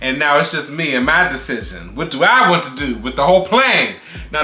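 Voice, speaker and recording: Animated, bright-voiced man telling a story. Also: fairly high pitch, fairly quick, echoey room, faint music behind. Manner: animated, loud yelps when reenacting. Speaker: vlog co-host. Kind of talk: casual storytime chat.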